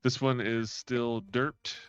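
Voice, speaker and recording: A man's voice: mid-range voice, flat delivery, slow, a bit bright, smooth. A man narrating a tabletop game as game master, laughing often as he describes the scene. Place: home, streamed live. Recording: dull lo-fi stream audio.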